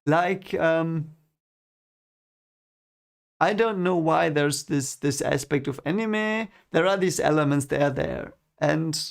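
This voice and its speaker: A man talks loosely on a live stream while reading comics, his voice sitting a little high with a gravelly rasp to it. He wanders from thought to thought, full of fillers and doubled-up words, and sounds keen on everything he brings up. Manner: rambling and enthusiastic, with many fillers and repeated words. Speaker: streamer reading webcomics aloud. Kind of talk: casual stream chat.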